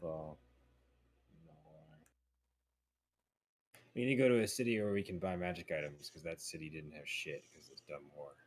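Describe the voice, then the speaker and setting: A man's voice: very deep voice, moderate pace, long pauses, slight background noise. A man playing a tabletop game, chatting in a blunt, offhand way. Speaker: player. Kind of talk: casual game banter.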